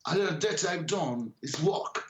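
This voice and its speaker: Roomy-sounding man, halting English. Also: fairly high pitch, expressive, slight background noise. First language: Italian. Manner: halting non-native English with many restarts. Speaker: musician guest. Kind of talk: casual interview chat.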